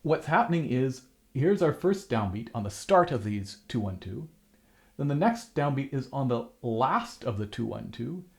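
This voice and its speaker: A man's voice: medium pitch, very animated, moderate pace, creaky, darkish tone. A man teaching a harp lesson, explaining rhythm and counting the beats aloud as he plays, with frequent restarts.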